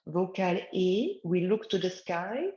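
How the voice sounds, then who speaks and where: Slow, gentle woman guiding a relaxation exercise. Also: lowish voice, sing-song, roomy sound, highs cut off. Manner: slow, gentle guiding of breathing and neck movements. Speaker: wellness instructor. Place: outdoors in the countryside, chickens nearby.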